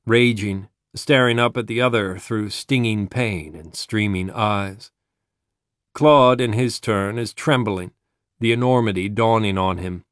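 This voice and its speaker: A man reading a dramatic story aloud in a measured narrating voice. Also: lowish voice, no room sound, clean studio sound.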